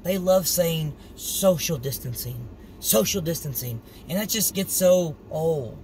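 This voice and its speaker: A middle-aged man gives an informal, earnest sermon, speaking conversationally and acting out the scripture story with energy. His voice sits a little high. Faint vehicle noise hums in the background. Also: unhurried, poor audio. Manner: earnest, conversational, animated when retelling the story. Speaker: street preacher.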